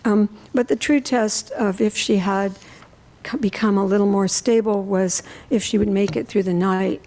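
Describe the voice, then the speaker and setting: A woman, a science teacher, telling a personal story at a worship service in a halting way with many fillers. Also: mid-range voice, steady tone, dark tone, low-quality recording. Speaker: lay speaker sharing a reflection.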